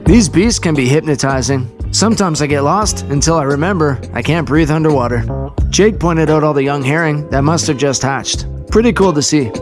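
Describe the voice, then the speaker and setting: A man's voice: on the high side, normal speed, over music. A man vlogging outdoors in a casual, laid-back and upbeat way, chatting and narrating. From Canada. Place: outdoors on a coast.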